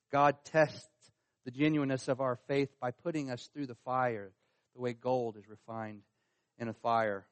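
A man's voice: fairly high pitch, no echo. A man preaching a sermon, earnest and pressing his points, lifting his voice when he reads scripture. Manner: earnest, rising in emphasis on scripture quotes. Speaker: pastor.

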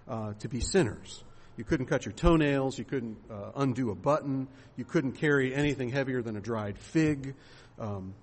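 A man delivers a sermon with a slightly husky voice, mid-pitched and unhurried. He preaches conversationally, tossing out rhetorical questions and the odd filler as he goes. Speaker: pastor.

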